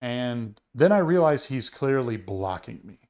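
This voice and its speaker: A man's voice: mid-range voice, big pitch swings, measured pace, a little mellow. Rambling male podcast storyteller. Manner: rambling storyteller with many fillers. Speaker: podcast co-host. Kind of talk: casual chat.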